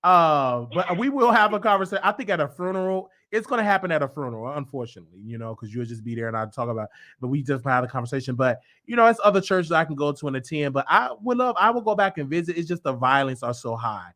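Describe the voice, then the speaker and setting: A man's voice: fairly high pitch, lively intonation, quick pace, few pauses, a bit bright. A man hosting a casual comedy talk show, talking in a boastful, over-the-top way. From Chicago. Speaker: show host.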